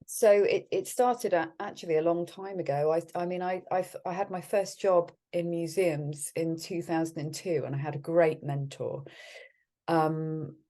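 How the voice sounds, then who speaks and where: A woman's voice: lowish voice, steady tone, normal speed, dark tone. A woman guest in an interview, speaking in a friendly way with frequent laughs and many restarts. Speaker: guest, art curator.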